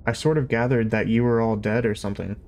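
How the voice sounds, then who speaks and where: A man's voice: medium pitch, fairly even intonation, fast talker, darkish tone, close to an everyday voice. A man playing a flustered, stammering Englishman. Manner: hesitant, flustered, apologetic. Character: flustered, awkward young human man.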